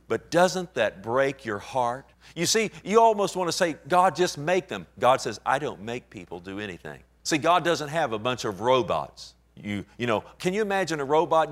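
A male pastor preaching a sermon in a conversational way, dropping to quiet asides and rising to emphatic, near-shouted points. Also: on the high side.

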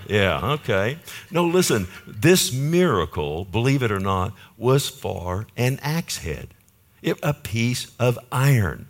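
A man's voice: mid-range voice, very animated, slow. A male pastor preaching a conversational sermon to his church, asking the congregation rhetorical questions.

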